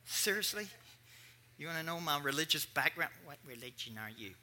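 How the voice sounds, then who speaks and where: Animated preaching man, bright voice. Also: fairly high pitch, quick pace. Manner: animated storyteller, voicing people in his story. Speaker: pastor. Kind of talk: sermon with personal story.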